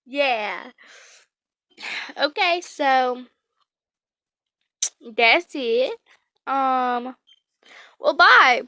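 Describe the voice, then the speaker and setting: A woman reading fan fiction aloud and reacting emotionally, in halting, gushing speech. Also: high-pitched, sharp tone, no room sound.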